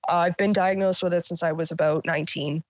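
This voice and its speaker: A woman's voice: fairly low pitch, steady tone, quick pace, no echo. Blunt woman telling a hard story. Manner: blunt, frequent swearing, many fillers. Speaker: guest. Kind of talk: candid personal storytelling.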